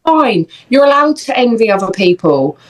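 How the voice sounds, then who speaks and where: A woman's voice: on the high side, big pitch swings, moderate pace, rough recording. A young woman co-hosting a podcast, chatting casually in jokey, run-on bursts. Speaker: podcast co-host. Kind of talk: casual chat.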